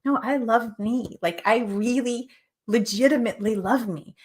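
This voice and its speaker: A woman hosting a show, speaking earnestly and emphatically in a motivational spiritual talk, repeating phrases and sometimes dropping to a soft whisper. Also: on the high side, moderate pace. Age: adult with children.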